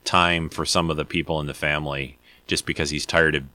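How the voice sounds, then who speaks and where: A man's voice: very deep voice, level tone, a little fast, pushed and bright. A man hosting a casual video, introducing clips in a rambling, hesitant way. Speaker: video host. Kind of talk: casual commentary.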